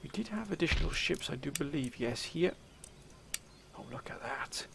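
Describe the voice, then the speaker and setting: A man with a very gravelly, slightly high voice talks through his strategy game. He plays the commander, theatrically calling his listeners sir and gentlemen. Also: lively intonation, normal speed, a little hiss or hum. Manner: theatrical, addresses viewers as 'sir' and 'gentlemen'. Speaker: let's play commentator. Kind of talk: game commentary.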